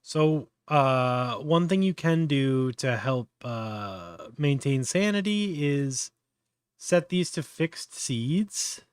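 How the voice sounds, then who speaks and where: A man's voice: mid-range voice, expressive, slow, smooth, dry recording, studio quality. Casual man talking through a tutorial. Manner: thinks aloud, many fillers and restarts. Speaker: host.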